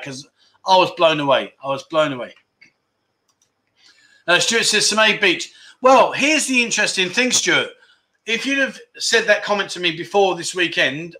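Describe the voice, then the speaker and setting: A middle-aged man, talking on a relaxed livestream. His voice is bright and a little high, and his chat is upbeat and rambling. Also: moderate pace. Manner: chatty, enthusiastic, repeats words for emphasis. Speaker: livestream host. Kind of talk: casual livestream chat reading viewer comments.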